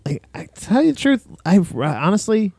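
A man's voice: high-pitched, sing-song, fairly quick, a little mellow, no room sound. A man co-hosting a comedy podcast who rambles in a crude, jokey way and laughs between lines. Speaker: podcast co-host. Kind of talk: casual comedy chat.

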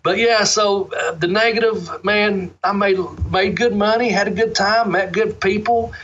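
A man's voice: high voice, steady tone, measured pace, a bit bright. A middle-aged man, a former pro wrestler, telling rambling, profane stories in a laid-back interview. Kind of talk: casual storytelling interview. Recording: dull lo-fi sound.

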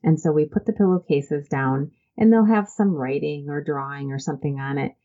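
A woman with a notably low voice speaks as an interview guest, earnest and heartfelt, often pausing on "um" and restarting her sentences. The recording sounds dull and lo-fi. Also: fairly even intonation, mellow. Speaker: interview guest, church volunteer program founder. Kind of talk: conversational interview storytelling.

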